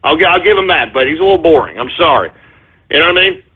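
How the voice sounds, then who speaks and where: Heard over thin, boxy, muffled phone-line audio, a man hosting his radio show fumes through a profane rant that keeps circling back on itself. His high, husky voice is expressive and fast, in the style of a ranting call-in radio monologue.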